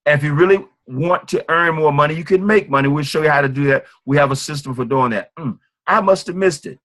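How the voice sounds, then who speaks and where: A man giving an informal sales training talk, fast and acting out sales calls. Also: on the high side, fairly bright tone. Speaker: network marketing trainer.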